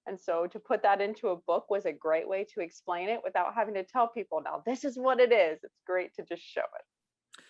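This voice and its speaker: A woman's voice: medium pitch, a little fast, no echo, dull audio. A young woman from rural Ohio, a guest author, talking earnestly and with enthusiasm in an interview. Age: young adult. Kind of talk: interview conversation.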